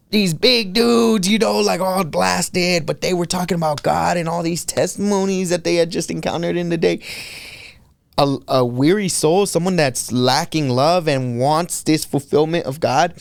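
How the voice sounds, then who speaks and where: Young man, gravelly voice, emotional testimony, animated storytelling, dry close sound. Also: on the high side, normal speed, no room sound. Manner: animated storytelling, voice jumps up when quoting himself. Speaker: podcast guest sharing testimony.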